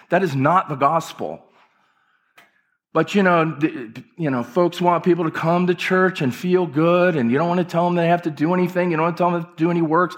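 A male pastor delivering an impassioned, emphatic church sermon with repeated phrases. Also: fairly high pitch. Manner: impassioned, emphatic preaching with repetitions.

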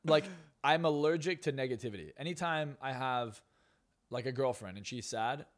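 Guesting on a podcast interview, this young hypnotist and success coach talks at normal speed in a medium-pitched voice. His manner is profane and emphatic, full of blunt swearing and brash jabs.

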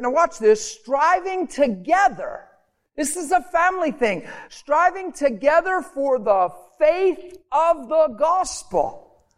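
A man delivers a sermon in a high-pitched voice. He preaches with passion, climbing to emphatic peaks before dropping to soft, quiet pleading. Now and then he acts out the voices of the people he is describing. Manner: acts out quoted voices in conversational asides. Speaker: pastor.

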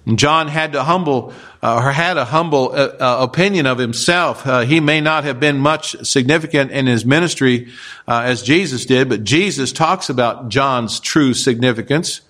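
A pastor preaching a sermon, explaining scripture with rhetorical questions and occasional fillers. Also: male voice, medium pitch, normal speed, a bit bright. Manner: expository preaching with rhetorical questions and acted quotes; frequent fillers and restarts.

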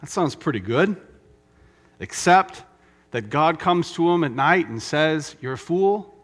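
A middle-aged man preaching a sermon, emphatic, with dramatic pauses and repetition. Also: a little high, expressive, fairly bright tone. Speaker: pastor.

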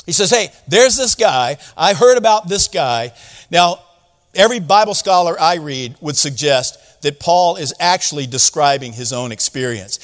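A man preaching a conversational sermon as a pastor, paraphrasing scripture in a lively, teasing way. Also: sits high, big-room sound.

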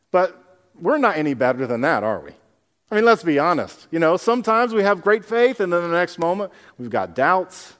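Male pastor, slightly high voice, lively sermon delivery with acted-out scenes, reverberant sanctuary sound. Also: normal speed. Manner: animated, acts out Bible scenes in others' voices.

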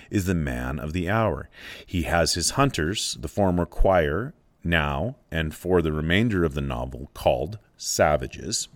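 A man giving a literature lesson, explaining a novel with measured, expressive reading. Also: sits low. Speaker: literature lecturer. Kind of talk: book analysis with read-aloud passages.

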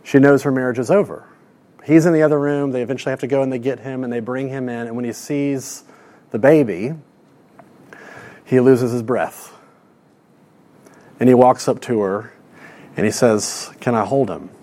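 A man preaching a sermon, earnest, repeating words as he builds a point and dropping soft and slow on key lines. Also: medium pitch, steady tone. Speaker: pastor.

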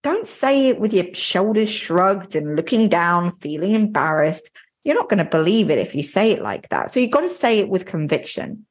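A woman hosts a motivational podcast and coaches her listeners directly. Her delivery is earnest and plain-spoken, with a lively, swinging pitch. Her voice is slightly husky. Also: moderate pace.

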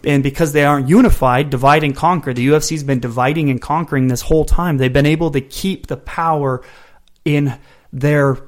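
A man's voice: on the high side, steady tone, fairly quick. A man who works as a criminal law attorney, co-hosting a casual sports podcast and explaining things with legal and historical comparisons.

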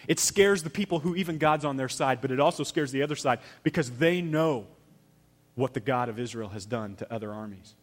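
A man preaching a sermon, telling a story with dramatic swings from loud to hushed and acting out the characters' lines. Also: mid-range voice, fairly quick. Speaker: pastor.

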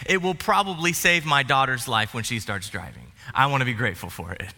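A man's voice: mid-range voice, lively intonation, fairly quick, hardly any pauses, sharp tone. A male pastor giving a sermon in a church, talking conversationally with humor and asides. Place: church sanctuary. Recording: reverberant church hall.

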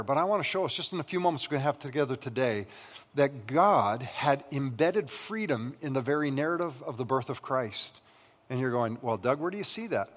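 A Canadian man preaching a sermon as pastor, telling comic stories and acting out family voices. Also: fairly high pitch. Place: church sanctuary. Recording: long reverb of a large hall.

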